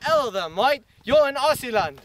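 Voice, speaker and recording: A man's voice: very high voice, sing-song, moderate pace, fairly bright tone, full character voice. A man playing a cheery, overconfident Australian outback guide who talks heartily and boastfully. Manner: hearty, boastful, says mate. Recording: home video, far from mic, clear background noise.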